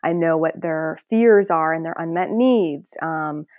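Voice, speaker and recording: Animated low-voiced woman guest. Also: unhurried, no echo, clean studio sound. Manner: animated, laughs often, acts out voices. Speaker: podcast guest. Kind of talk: casual conversational storytelling.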